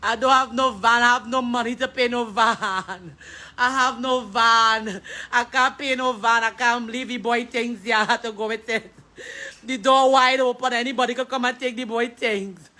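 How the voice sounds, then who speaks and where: Woman, Trinidadian accent, distraught, crying, pleading, repetitive, bright tense voice. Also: on the high side, fairly even intonation, moderate pace. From Trinidad and Tobago. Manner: pleading, repetitive, breaking between laughter and tears. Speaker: grieving sister. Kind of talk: distraught street appeal.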